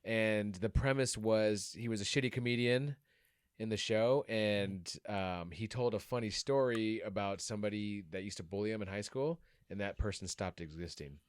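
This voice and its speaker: A man co-hosting a podcast, casual chat, an animated storyteller. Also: moderate pace, clean tone, no echo, clean studio sound. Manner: animated storyteller, jumps to high mocking voices for quotes. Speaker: podcast co-host.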